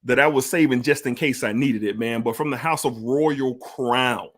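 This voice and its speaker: Brief: male guest, average pitch, casual and emphatic product reviewer. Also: moderate pace, fairly bright tone. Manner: enthusiastic, emphatic, repeats points.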